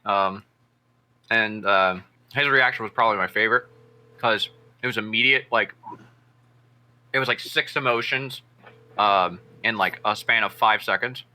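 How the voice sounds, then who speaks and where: Co-hosting a casual streamed podcast, a man with a lowish voice speaks a little slowly, with long pauses, as he animatedly tells stories, acts out what people said, and swears a lot.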